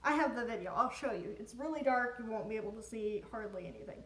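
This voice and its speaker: A woman vlogger telling a story to camera in a chatty, animated way, with plenty of "like" fillers. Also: fairly high pitch, fast talker. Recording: echoey room with loud noise.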